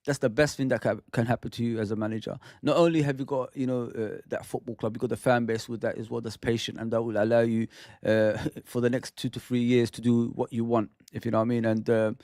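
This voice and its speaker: A man's voice: mid-range voice, flat delivery, fast, few pauses, a little mellow, no echo, studio quality. A man hosting a football fan channel, ranting with heated, exasperated commentary and some swearing.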